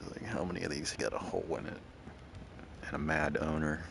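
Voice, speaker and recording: A man's voice: extremely low pitch, a little fast, gravelly, background noise. A man casually thinking aloud and rambling while playing a driving game. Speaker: gaming channel host. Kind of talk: casual gameplay commentary.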